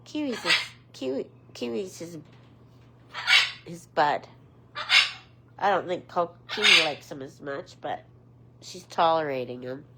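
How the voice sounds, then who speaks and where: A woman hosting a casual livestream with her pet parrots, chatting with viewers and switching to high, sing-song baby talk for her birds. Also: expressive, measured pace, long pauses. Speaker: pet parrot channel host. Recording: loud background noise with bird clicks.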